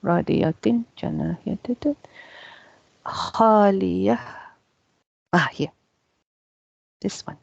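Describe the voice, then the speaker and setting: Woman teacher, casual grammar lecture, gravelly, dry dull recording. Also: mid-range voice, drawn-out words, pauses often, a little mellow, no room sound. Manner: chatty, frequent "yeah" and "you know" fillers. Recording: dull, muffled sound.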